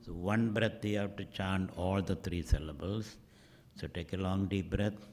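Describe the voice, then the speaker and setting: A middle-aged man leading a guided meditation, speaking in slow, measured phrases that trail off into whispers. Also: deep voice, fairly even intonation, a little mellow. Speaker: meditation teacher.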